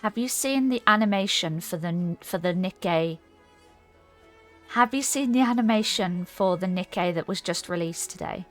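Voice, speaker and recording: A woman's voice: on the low side, moderate pace, soft background music. A woman streaming a game, chatting casually and giggling while she reads chat aloud.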